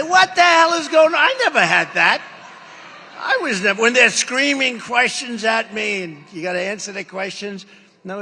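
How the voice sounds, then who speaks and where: A man's voice: high-pitched, sharp tone. An older man giving a rambling, boastful campaign rally speech, acting out quoted exchanges in a large hall. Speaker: political speaker at a rally. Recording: live rally feed with long hall reverb.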